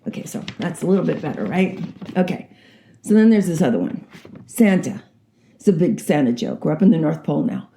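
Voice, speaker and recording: Older lady in her 60s rambling through jokes, gravelly and really dark voice. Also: sits low, a little fast, slight background noise. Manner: chatty, rambling, animated storyteller. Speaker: vlogger. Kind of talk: casual joke telling.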